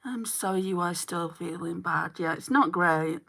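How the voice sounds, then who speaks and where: A woman in her forties with a Lancashire accent, chatting through a live makeup tutorial and answering viewer comments, her throat a little hoarse. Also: lowish voice, moderate pace, fairly bright tone. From Northwest England. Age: 40s. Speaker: makeup livestreamer.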